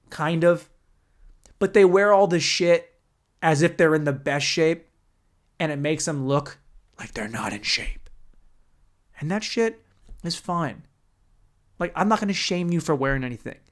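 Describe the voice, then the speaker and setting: A young man hosting a podcast alone, delivering a profane, animated comedic rant and acting out other people's voices. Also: fairly high pitch. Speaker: podcast host.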